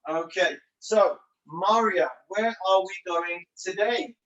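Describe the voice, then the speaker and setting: Taking her time, a fitness instructor with a medium-pitched, fairly bright voice guides children through a live home exercise session, upbeat and supportive as she names each move. The sound comes from a lo-fi room mic that is distant and echoey.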